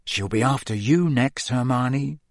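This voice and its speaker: A man's voice: medium pitch, unhurried, no echo, clean studio sound, lightly acted. A man reading aloud, voicing a nervous, worried teenage schoolboy in a slightly raised, anxious voice.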